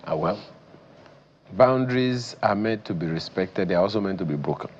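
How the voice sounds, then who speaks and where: A man from Nigeria co-hosting a television talk show, asking measured questions and reading out viewer messages. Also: sits low, lively intonation, dull audio, slight background noise. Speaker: TV show co-host.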